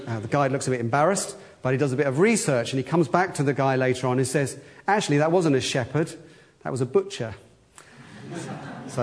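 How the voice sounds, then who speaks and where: A man's voice: mid-range voice, darkish tone. A middle-aged man, a church elder, giving a conversational sermon with wry humor and acted-out quotes.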